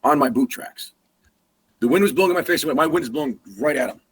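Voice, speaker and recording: A man's voice: fairly high pitch, fast talker, breathy edge. A man, a guest hunter, telling a story in a casual way and acting out the sounds and the dialogue. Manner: animated, acts out sounds and quoted dialogue.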